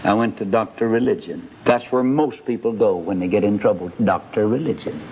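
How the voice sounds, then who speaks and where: A man's voice: fairly low pitch, fairly quick, breathy edge. A man preaching a sermon in a folksy storytelling way, asking rhetorical questions as he goes. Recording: dull lo-fi recording.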